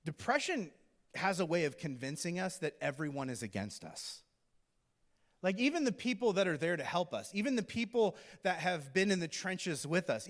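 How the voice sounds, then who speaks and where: Animated conversational male pastor. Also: a little high. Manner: conversational, animated, acts out characters. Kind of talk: sermon. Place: church auditorium. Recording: long hall reverb.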